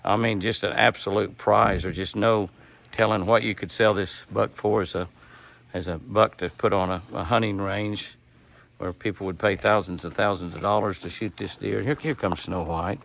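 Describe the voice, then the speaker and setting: Gravelly-voiced man rambling about deer. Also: lowish voice, fairly even intonation, normal speed. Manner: rambling, repeats himself, coaxes animals softly. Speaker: deer rancher. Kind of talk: casual vlog narration. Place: outdoors in a deer pen.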